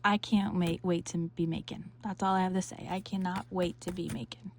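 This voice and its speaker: A woman's voice: lowish voice, little pitch movement, brisk, hardly any pauses, a little mellow. A woman hosting a crafting vlog, gushing over a new kit and sometimes dropping to a whisper. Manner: gushing, breathless, drops into whispers. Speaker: crafting channel host. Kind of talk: excited unboxing vlog.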